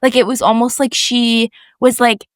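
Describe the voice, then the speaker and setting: Lively young woman telling a story. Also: on the high side, normal speed, no echo. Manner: animated storyteller, acts out quoted voices, lots of "like". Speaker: podcast co-host. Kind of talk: casual faith podcast chat.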